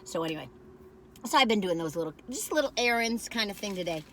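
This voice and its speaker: A woman's voice: medium pitch, animated, quick pace, slight background noise. An older woman, rambling in a folksy, chatty way as she reviews food on a phone camera in a parked car.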